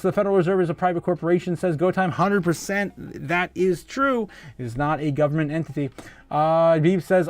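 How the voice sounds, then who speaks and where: A man hosting a casual livestream, reading out viewer comments, laughing often and stumbling through restarts and filler sounds. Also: fairly high pitch. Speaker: host of a crypto livestream.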